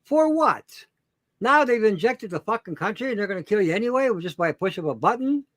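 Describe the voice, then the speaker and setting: High-voiced blunt man ranting, dry sound. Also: big pitch swings, fairly quick, a bit bright, dry recording. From Canada. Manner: emphatic, repetitive, swears heavily. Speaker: guest, show host himself.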